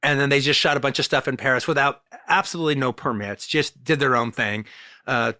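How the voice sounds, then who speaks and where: A man's voice: mid-range voice, brisk, sharp tone, no room sound, studio quality. A man co-hosting a podcast, talking about old movies in a rambling, enthusiastic way with lots of restarts. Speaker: podcast co-host. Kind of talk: casual film discussion.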